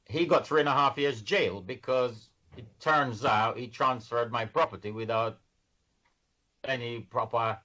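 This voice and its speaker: A man's voice: mid-range voice, measured pace, pushed and bright. Man, podcast guest, earnest and explanatory, frequent restarts, muffled lo-fi audio. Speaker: guest in financial services. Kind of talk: casual interview chat. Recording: dull lo-fi sound.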